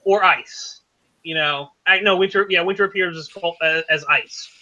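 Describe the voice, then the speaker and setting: A man running a tabletop game as game master, explaining rules haltingly with many fillers. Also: high voice, sharp tone, dull audio.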